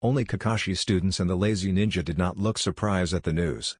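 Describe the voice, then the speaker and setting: Low-voiced guy reading fanfic aloud, plain and even, dry close mic. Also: fairly quick, few pauses, slightly rough, no echo. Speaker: narrator. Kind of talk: reading a fan story aloud.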